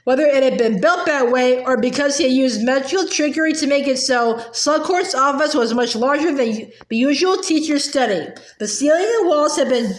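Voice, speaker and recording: A woman reading a novel aloud, halting often with fillers and restarts. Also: sits high. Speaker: audiobook reader. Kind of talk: amateur read-aloud narration. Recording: roomy echo.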